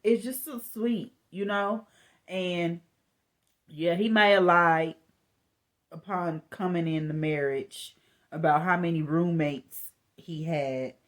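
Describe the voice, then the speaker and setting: A woman's voice: on the low side, takes it slowly. A woman giving a casual, chatty recap of a reality TV episode, speaking candidly and calling herself sensitive.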